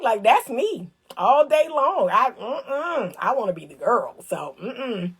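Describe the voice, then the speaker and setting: A woman giving casual, animated commentary on relationships. She talks straight to her viewers in colloquial speech, repeats phrases for emphasis and acts out little scenes. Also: a little high, unhurried, few pauses, husky. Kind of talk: casual direct-to-camera commentary.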